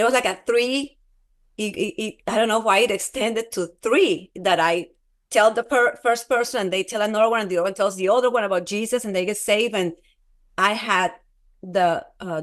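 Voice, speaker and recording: A woman guest telling a personal testimony in an interview, halting and repeating herself, acting out quoted dialogue as she goes. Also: medium pitch. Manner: halting, repeats words, restarts often; animated retelling with quoted dialogue.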